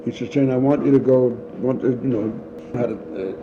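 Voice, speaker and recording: A man's voice: medium pitch, brisk. An older man, telling stories as the interviewee and acting out the voices of the people in them. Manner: animated storyteller acting out voices, laughs often. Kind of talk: storytelling. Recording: dull lo-fi home recording with faint noise.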